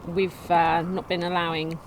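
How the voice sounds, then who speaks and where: A woman casually commenting on her gameplay, reading game text aloud in a chatty way with sudden excited outbursts. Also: lowish voice, measured pace, slight background noise. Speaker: let's play gamer.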